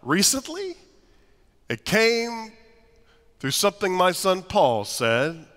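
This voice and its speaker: A man preaching a sermon as pastor, telling stories with humor and lively asides to his congregation. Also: high voice, slow pace. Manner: animated, humorous storytelling to a congregation. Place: church sanctuary. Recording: long church reverb.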